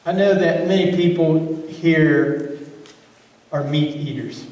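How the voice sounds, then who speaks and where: A man's voice: a little high, steady tone, slow pace, darkish tone. A male pastor delivering a sermon in a church, earnest and emphatic, posing rhetorical questions to the congregation. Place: church sanctuary. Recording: echoey church hall, mic at a distance.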